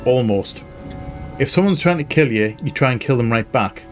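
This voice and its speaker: A man gives casual commentary as he plays through a hidden-object game. He is chatty and teases himself, thinking out loud in a mid-range voice. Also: mid-range voice, animated, moderate pace, faint music behind. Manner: chatty, self-mocking, thinks aloud. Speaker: game streamer. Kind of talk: casual let's-play commentary.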